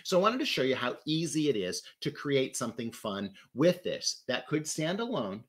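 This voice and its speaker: A man's voice: medium pitch, big pitch swings, normal speed. A man hosting a casual flower-arranging demonstration, chatty and enthusiastic as he works. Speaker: floral designer host.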